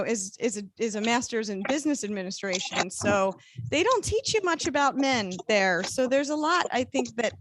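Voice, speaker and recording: A woman comedian doing a deadpan, self-deprecating stand-up set on a video call, with filler-heavy pauses. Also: fairly high pitch, no echo.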